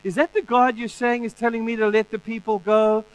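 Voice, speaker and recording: A male preacher voicing a mocking, bewildered ancient king who scoffs in a raised pitch. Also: level tone, brisk, a little hiss or hum. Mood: scoffing. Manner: incredulous, scoffing.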